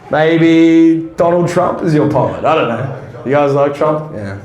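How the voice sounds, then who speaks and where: A man's voice: a little high, measured pace, a little mellow, echoey room. A man with an Australian accent doing a casual, sweary, self-deprecating stand-up comedy set in a small room at a fringe show.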